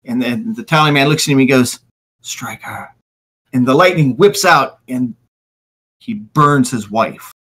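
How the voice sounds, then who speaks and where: A man running a tabletop game, painting each scene in vivid, unhurried detail. His voice is bright and clear, at an ordinary pitch for a man. He pauses and restarts here and there as he describes. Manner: descriptive, vivid narration with fillers. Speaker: game master.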